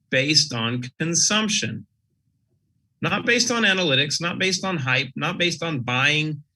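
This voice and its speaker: A man's voice: fairly high pitch, sharp tone, poor audio. A man presenting on a video call, talking through ideas in a rhetorical way and often adding "right?". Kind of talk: casual business talk.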